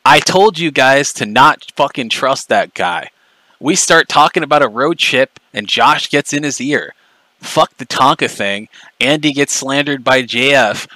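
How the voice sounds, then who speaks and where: A man's voice: medium pitch, animated, a little slow, pushed and bright, dry recording, rough recording. A man ranting angrily on a livestream, profane, mocking and confrontational. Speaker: streamer. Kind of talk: angry livestream rant.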